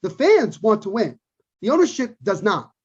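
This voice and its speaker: Husky-voiced man ranting about sports. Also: high-pitched, very animated, normal speed, a little mellow. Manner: emphatic, repeats points for stress. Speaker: podcast co-host. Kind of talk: opinionated sports podcast talk. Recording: dull lo-fi recording.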